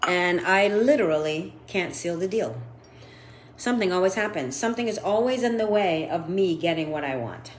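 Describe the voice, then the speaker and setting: Blunt fiftysomething lady vlogging, lowish voice, swears a lot, soft hum of a house behind. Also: lively intonation, moderate pace. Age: 50s. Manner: frank, profane storytelling. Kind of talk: candid confessional vlog.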